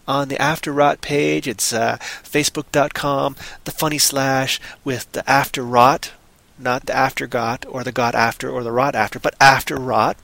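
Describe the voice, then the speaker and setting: A man's voice: medium pitch, fairly quick, gravelly, fairly bright tone, no room sound, rough recording. A man co-hosting a show in casual chat, rambling and playful, sometimes putting on a silly accent. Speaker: podcast co-host.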